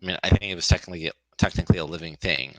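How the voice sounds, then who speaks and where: A man playing in an online tabletop game, measured and matter-of-fact in casual chat. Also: low voice, steady tone, a bit bright, dry recording. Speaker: player. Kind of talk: casual role-play chat.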